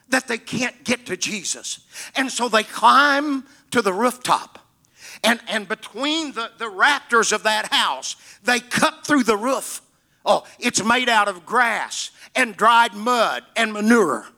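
Male preacher, high and bright-toned, delivering an emphatic sermon with dramatic storytelling. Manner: emphatic, repeating key words for stress; dramatic retelling of scripture stories.

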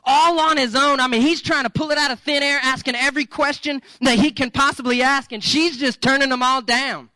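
High, bright-voiced preacher, lively and joking. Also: male voice, a little fast, few pauses, no echo, low-quality recording. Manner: lively, joking, conversational, coaxing the congregation. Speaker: pastor. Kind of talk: sermon.

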